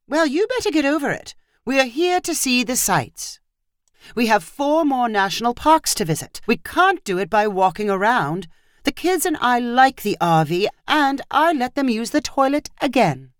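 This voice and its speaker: Lady doing a high shrill fed-up mum, voice jumps all over, scolding. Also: big pitch swings, normal speed, no echo, clean studio sound. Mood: insistent. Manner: pleading, then shrill and scolding. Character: exasperated British wife and mother.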